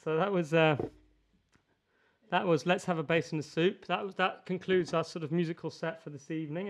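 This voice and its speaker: A man's voice: a little high, moderate pace. A man hosting a music livestream, chatting casually and poking fun at himself between numbers. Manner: relaxed, chatty, self-deprecating asides. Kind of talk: casual chat between songs. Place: home room at a piano. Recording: music clearly heard behind. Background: music playing.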